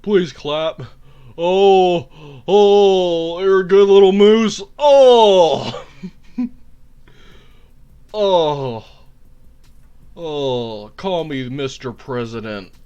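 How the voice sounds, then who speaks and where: A man's voice: sits high, drawn-out words, long pauses, clean tone, dull audio. A man doing a parody impression of a meek male politician who pleads and moans. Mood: pleading. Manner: pleading, soft then moaning.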